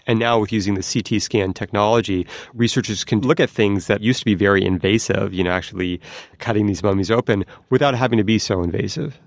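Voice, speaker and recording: A man reports science stories on a podcast. His low voice has a gravelly edge, and he explains things in a lively, hands-on way. The sound is dry and close, with no room around it. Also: quick pace, dry recording. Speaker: science news correspondent.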